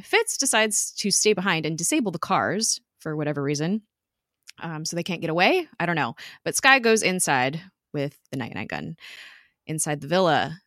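A woman's voice: sits low, fairly bright tone, dry recording, clean studio sound. A woman casually retelling a TV episode to a co-host, chatty, with fillers and laughs. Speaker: podcast co-host recapping a TV episode. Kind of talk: casual recap chat.

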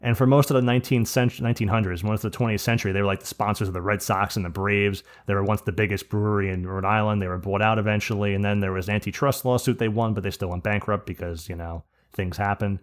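Man, podcast host, rambling and profane, lowish voice. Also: fairly even intonation, quick pace, hardly any pauses. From New Jersey. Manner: rambling, profane, frequent restarts and laughs. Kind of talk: casual podcast storytelling.

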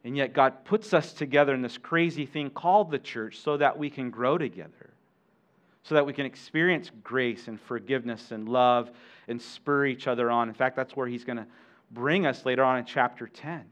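A man's voice: mid-range voice, normal speed, a bit bright. A man preaching a sermon as pastor, talking conversationally with asides to the congregation and frequent restarts.

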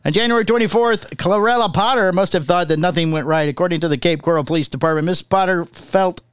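A man's voice: high voice, quick pace, clear, resonant tone, no room sound, studio quality. A man co-hosting a podcast, reading odd news stories aloud in a casual, teasing way and laughing often.

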